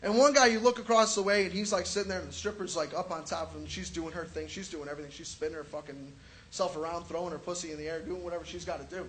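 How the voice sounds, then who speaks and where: A man's voice: fairly high pitch, fairly even intonation, fast, fairly bright tone, a little hiss or hum. A young man doing a stand-up comedy set, telling crude, profane stories and acting out quotes. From Chicago area.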